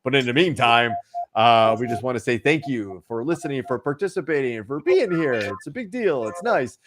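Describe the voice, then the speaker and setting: A man's voice: mid-range voice, very animated, moderate pace, background noise. A man co-hosting a casual news chat show, joking and rambling with plenty of restarts and fillers. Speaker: podcast co-host.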